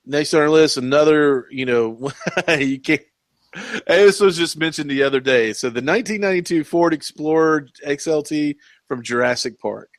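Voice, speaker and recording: A man's voice: fairly high pitch, moderate pace, no room sound. A man hosting a casual podcast chat, rambling and laughing often. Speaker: podcast host.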